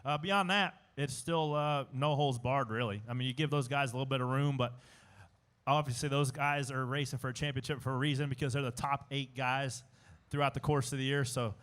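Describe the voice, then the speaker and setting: A man's voice: medium pitch, steady tone, a little fast, a bit bright. A young man, a race car driver, chatting in a casual interview, rambling with many fillers and restarts. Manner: rambling, self-interrupting, with filler words and laughs. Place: outdoor live show stage at a racetrack.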